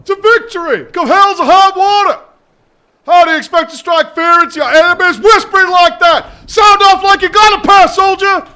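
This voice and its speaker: A bellowing, insult-spitting drill sergeant, put on by a man reading game lines aloud. The voice is high, bright and forceful, shouting orders at recruits in a gruff game scene. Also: moderate pace, heavily acted. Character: harsh foul-mouthed male drill sergeant, bellowing.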